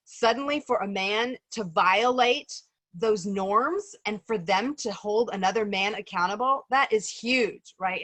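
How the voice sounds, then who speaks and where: Dry audio captures a woman of medium pitch with a fairly bright tone. She runs an informal video-call group discussion conversationally, using lots of ums and "right?" to check in.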